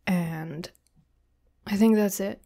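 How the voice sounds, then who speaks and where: A woman co-hosting a podcast, giving friendly, reassuring advice in a relaxed chat with frequent ums. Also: mid-range voice, takes it slowly, creaky. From Canada. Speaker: podcast co-host.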